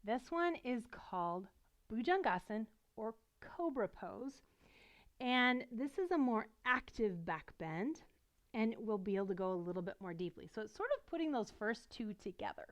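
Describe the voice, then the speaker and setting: A middle-aged woman teaching a beginner yoga class, guiding gently and encouragingly while she demonstrates the poses, a little out of breath. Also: a little high, very animated, moderate pace. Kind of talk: guided yoga instruction.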